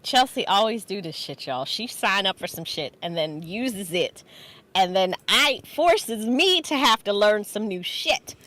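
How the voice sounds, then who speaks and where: A woman's voice: mid-range voice, lively intonation, a little slow, fairly bright tone. A woman co-hosting a casual livestream chat, joking and teasing in a playful, sing-song way. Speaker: podcast co-host.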